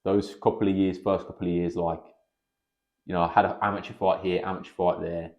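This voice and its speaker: A man, a pro kickboxer and coach chatting as a podcast guest, telling animated stories and swearing freely. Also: low voice, a little fast, muffled recording. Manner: animated storyteller, swears freely, acts out quotes. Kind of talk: casual podcast chat.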